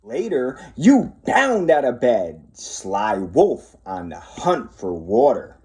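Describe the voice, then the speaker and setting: Guy reading a kids picture book real slow, lots of ups and downs in his voice. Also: mid-range voice. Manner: slow, very expressive storytelling. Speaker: police officer reading to schoolchildren. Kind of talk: children's picture-book read-aloud.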